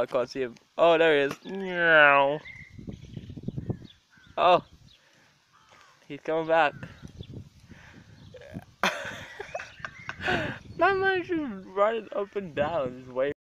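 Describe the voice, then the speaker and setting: A young man vlogging casually, swearing freely and laughing often as he gives an excited running commentary outdoors. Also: on the high side, unhurried, pauses often, lo-fi sound, a little hiss or hum. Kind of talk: casual profane vlog chatter. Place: outdoors behind a house.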